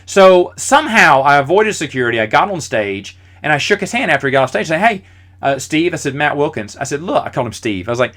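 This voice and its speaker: A middle-aged man hosts his own podcast and spins casual college stories in a single run. His pitch swings up and down with a lot of life, and he acts out the lines of the people in each story. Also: fast talker. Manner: animated, acts out quoted voices. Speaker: podcast host.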